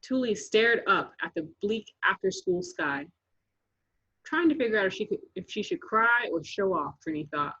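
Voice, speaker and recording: Husky woman reading a storybook aloud. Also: medium pitch, moderate pace. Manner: lively, rhythmic reading. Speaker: narrator. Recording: dull lo-fi recording.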